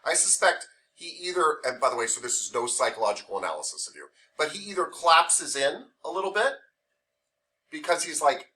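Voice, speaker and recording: A man's voice: fairly high pitch, sing-song, brisk, sharp tone, recorded from a distance. A man teaching a massage therapy class, lecturing conversationally and explaining ideas through playful made-up examples.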